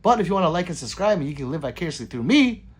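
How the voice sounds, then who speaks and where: Lively, joking livestream host. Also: male voice, a little high, racing, breathy edge. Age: adult with children. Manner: joking, rambling, reads viewer comments aloud. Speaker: livestream host reading chat. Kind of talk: casual livestream chat.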